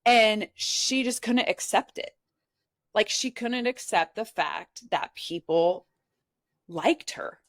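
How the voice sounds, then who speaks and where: An earnest woman from Nebraska, telling a personal story as a podcast guest. Her pitch sits in a middle range and she talks openly, with lots of "like" fillers. The recording is close and dry, with no room echo. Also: slow. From Nebraska, USA. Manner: earnest, candid, heavy use of "like" as filler.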